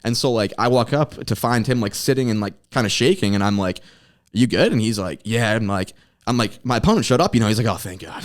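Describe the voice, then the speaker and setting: A man's voice: on the low side, expressive, a little fast. A man who coaches grappling, talking in a rambling casual way full of fillers. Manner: rambling, full of "like" and "you know". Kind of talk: casual chat.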